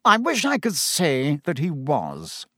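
A pompous middle-aged minister, officious and brisk, whose voice rises and falls a lot as he holds forth, as a male narrator puts him on. Heard dry and close to the mic. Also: fairly high pitch, huge pitch swings, fairly bright tone, no echo, exaggerated voice. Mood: troubled.

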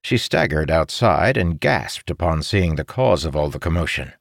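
Deep-voiced man narrating an audiobook. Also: animated, normal speed, creaky, no room sound, studio quality.

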